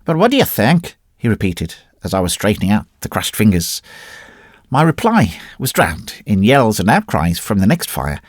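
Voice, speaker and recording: A man's voice: on the low side, sing-song, normal speed, no room sound, studio quality. A man reading a classic story aloud as an audiobook narrator. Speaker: audiobook reader. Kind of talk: scripted narration.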